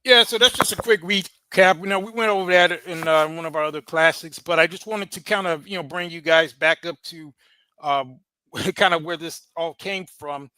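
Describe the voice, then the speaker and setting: A man's voice: a little high, steady tone, moderate pace, bright, forceful tone, clear, resonant tone. A man hosting a podcast in casual commentary, talking loosely with fillers and frequent laughs. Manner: conversational, laughs often, many fillers. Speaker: podcast host.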